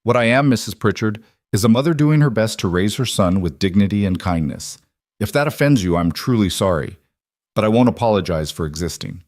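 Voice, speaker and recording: A man reading the part of a young mother with a quiet, restrained, dignified manner. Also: fairly low pitch, expressive, fairly quick. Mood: firm. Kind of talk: storybook reading.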